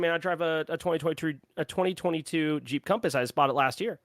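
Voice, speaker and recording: A man's voice: on the high side, quick pace, no room sound, studio quality. A young man co-hosting a podcast, telling a story in casual chat and laughing as he acts out the people in it. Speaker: podcast co-host.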